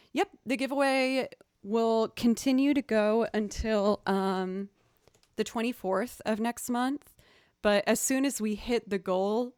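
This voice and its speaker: Chatty and upbeat, a musician streaming live talks casually to her viewers and says "y'all." Her mid-range voice has vocal fry and a darkish, clear, resonant tone, recorded dry and clean on a studio mic routed through audio software.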